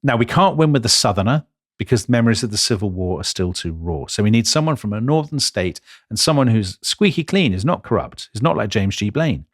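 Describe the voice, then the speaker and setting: Animated, low-voiced man telling history. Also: brisk, no echo, studio quality. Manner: animated, emphatic, jumps in pitch for stress. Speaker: podcast co-host. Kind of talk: storytelling history chat.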